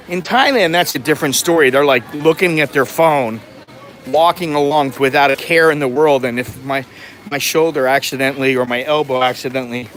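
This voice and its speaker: A travel vlogger from the United States walking through a city, chatting in a wry, self-mocking way with chuckling asides, sweaty from the heat. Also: male voice, mid-range voice, a bit bright. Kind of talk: casual walking vlog. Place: busy city streets outdoors. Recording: outdoor street noise.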